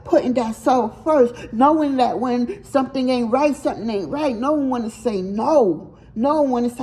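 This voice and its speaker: Tarot reader, female, slightly high voice; blunt, emphatic talker who swears and stumbles over repeated words. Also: dark tone, poor audio. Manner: repeats words while searching for them. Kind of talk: casual tarot reading to viewers.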